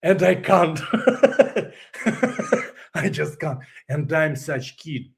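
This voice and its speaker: A man's voice: fairly high pitch, vocal fry, a little hiss or hum. A man with a Russian accent speaks English as a second language, stopping often to hunt for the right word. He tells his own story openly as an interview guest, breaking into laughter along the way. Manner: halting, searches for English words, laughs often. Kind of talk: candid personal story.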